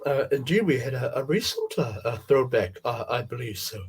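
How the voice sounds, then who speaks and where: Husky, gentle man hosting a casual stream. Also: medium pitch, expressive. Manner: halting, many fillers and repeats, gentle folksy tone. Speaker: live stream host. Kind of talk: casual chat about toy card art.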